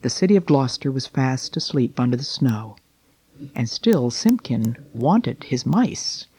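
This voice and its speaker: Man, storybook read-aloud, gentle and unhurried, mellow warm tone, dry close sound. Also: medium pitch, lively intonation, husky, dry recording. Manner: gentle, unhurried, with dramatic slowing.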